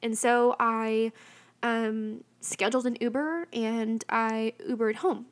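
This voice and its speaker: A woman's voice: a little high, steady tone, takes it slowly. A young adult woman telling a personal faith story in a chatty, candid way, full of fillers and restarts. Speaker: speaker sharing a personal faith testimony.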